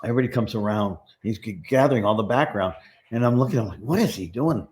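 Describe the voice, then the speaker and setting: A middle-aged man with a fairly low voice tells backstage stories in a loose, rambling way. He restarts his sentences often and slips into the voices of the people he quotes. The feel is relaxed interview talk. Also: fast talker. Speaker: guest, prop master. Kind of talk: casual interview storytelling.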